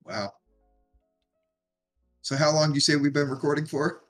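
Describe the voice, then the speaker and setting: A man's voice: a little high, moderate pace, fairly bright tone, faint music behind. A man co-hosting a casual podcast over a video call, answering in short, dry remarks. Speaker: podcast co-host. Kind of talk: casual chat.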